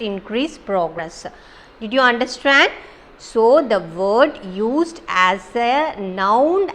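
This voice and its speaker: A woman teacher with a Kerala Indian English accent talks through an English lesson in a fairly high voice. She explains step by step, leans on fillers and often checks whether her students follow. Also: fairly bright tone, poor audio. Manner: explains slowly with many fillers and check-ins. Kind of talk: recorded online English lesson.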